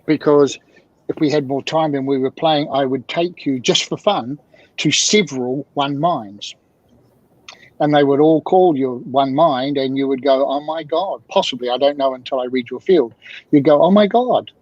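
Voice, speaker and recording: A man speaking as a guest mentor in an interview, animated and fond of repeated rhetorical questions, heard through dull lo-fi audio. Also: medium pitch, normal speed, no echo. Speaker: guest, emotional communication mentor. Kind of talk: video-call interview talk.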